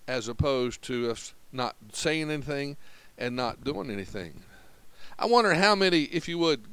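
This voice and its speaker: Earnest preacher, smooth close voice. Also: male voice, mid-range voice, a bit bright, dry recording, rough recording. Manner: earnest, conversational Bible teaching with acted-out quotes. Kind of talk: sermon.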